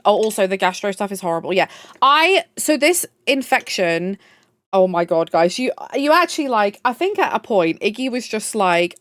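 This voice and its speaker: A bubbly young woman chats on her live stream, gushing over her viewers and swearing freely. Her voice sits a little high. The sound is close and dry. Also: a bit bright, no room sound. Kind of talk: casual chat.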